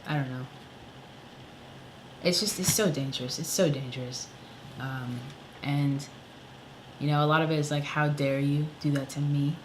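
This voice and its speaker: A man's voice: a little high, fairly even intonation, moderate pace, pauses often, a little hiss or hum, poor audio. A man, a songwriter, ranting angrily in a casual vlog, swearing often and filling with "you know" and "like". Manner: angry, profane, many fillers. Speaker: songwriter vlogger.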